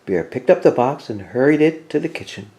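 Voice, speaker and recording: A man reading a children's picture book aloud, expressive and animated. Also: mid-range voice, a little fast. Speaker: storyteller. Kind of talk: children's story read-aloud.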